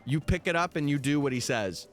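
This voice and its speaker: A man's voice: fairly high pitch, lively intonation, fairly quick. A young man streaming live, chatting casually and answering his viewers' messages over faint background music. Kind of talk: casual livestream chat.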